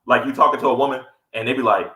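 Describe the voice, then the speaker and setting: Racing along in a mid-range voice, a male podcast co-host tells a story in casual conversation, animated and voicing quotes loudly. The room echoes.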